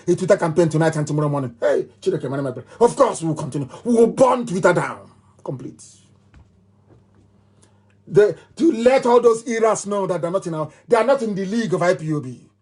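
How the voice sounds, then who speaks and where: Emphatic Nigerian man, husky and high. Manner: emphatic and repetitive, with mocking laughs. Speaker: movement leader giving a broadcast. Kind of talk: live political broadcast address.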